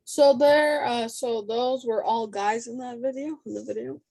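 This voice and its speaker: A woman hosting a casual interview with a band, teasing and quick to laugh. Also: on the high side, fairly even intonation, gravelly, darkish tone. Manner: giggly, teasing. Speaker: podcast host.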